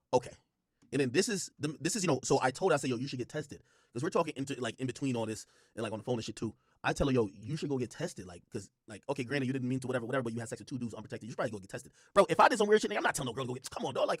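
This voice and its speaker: A man hosting a podcast, telling a story in rapid, emphatic, slang-heavy casual talk. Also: fairly high pitch, lively intonation, fairly bright tone, no echo, studio quality. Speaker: podcast host. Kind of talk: casual monologue to camera.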